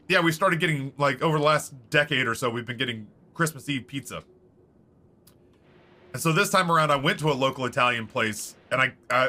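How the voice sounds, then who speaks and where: A man streaming a game, chatting casually in a rambling, animated storytelling way with many fillers. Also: mid-range voice.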